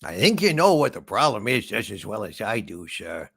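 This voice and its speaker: A meandering male spaceship computer, put on by a man, talks like a shambling detective. The voice is gravelly and husky, with a lively pitch. The sound is dry and close. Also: normal speed, no room sound, full character voice. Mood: calm, polite. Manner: meandering, polite, trails off with "sir". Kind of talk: comedy impression sketch.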